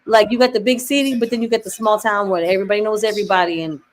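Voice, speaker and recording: A woman's voice: mid-range voice, steady tone, very fast, a little hiss or hum. A woman from Buffalo hosting a casual chat, with a mixed Southern and New York accent, rambling loosely with lots of "you know what I mean.". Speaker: host.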